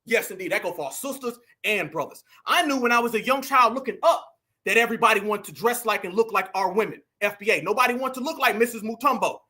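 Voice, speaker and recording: A man's voice: high-pitched, fast talker, pushed and bright. A man from the United States, hosting impassioned commentary and rousing his viewers, speaking directly to them. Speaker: political commentary host. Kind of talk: impassioned live-stream commentary.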